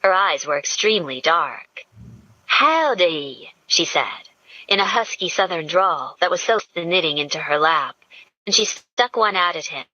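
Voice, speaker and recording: A woman narrating an audiobook in a slow, measured storytelling manner. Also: on the low side, sharp tone, no room sound. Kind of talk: scripted narration. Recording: dull lo-fi dry audio.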